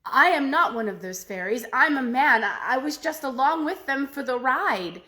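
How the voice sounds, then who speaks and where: Woman as an earnest young man, pleading, stammering, gentle storybook voice. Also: sits high, expressive, moderate pace.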